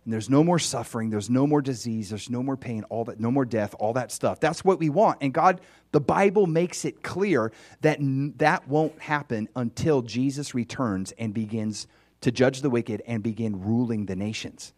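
A man's voice: medium pitch, normal speed, no echo. A man giving an informal, conversational sermon as a Bible teacher. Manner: animated, conversational, acts out dialogue.

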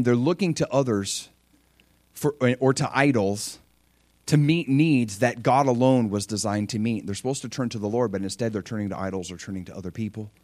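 A middle-aged man delivers a sermon in a slightly high voice, recorded close and dry. He is animated, often leaping into excited, shouted character voices as he acts out the story. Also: no room sound. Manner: animated, acts out excited voices of God with big pitch jumps. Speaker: pastor.

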